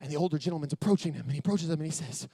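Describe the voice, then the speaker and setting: Male keynote speaker, high-pitched and excitable, dry close mic, storytelling that ramps up to big energy. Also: very fast, vocal fry, slightly rough, no room sound. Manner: builds to loud excited storytelling. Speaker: motivational speaker. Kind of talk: motivational keynote speech. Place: convention stage.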